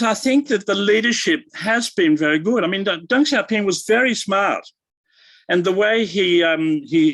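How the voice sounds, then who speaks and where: An older male academic answering interview questions in a halting, thoughtful way, with many fillers and restarts. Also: sits high, fairly bright tone, dry recording, low-quality recording. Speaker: guest academic.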